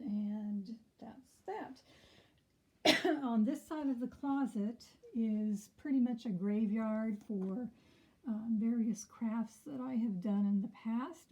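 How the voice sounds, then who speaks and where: A middle-aged woman walks through her sewing room in an easygoing, chatty way, often pausing on an um. Her voice is slightly high, with a mellow tone and a touch of hoarseness. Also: rough recording. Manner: relaxed and chatty, with frequent ums. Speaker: quilter giving a sewing room tour. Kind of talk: casual room tour.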